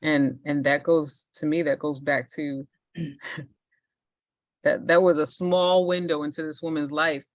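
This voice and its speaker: A woman's voice: sits low, fairly even intonation, unhurried, pauses often, no echo, highs cut off. A woman leading a church women's group, replying in an affirming, reflective way. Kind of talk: casual chat. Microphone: video call.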